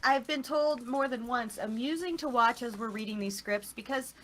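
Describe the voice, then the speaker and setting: A woman's voice: a little high, normal speed, fairly bright tone. A woman talking casually as an interview guest, chatty and laughing often. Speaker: interview guest, online show producer. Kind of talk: casual chat.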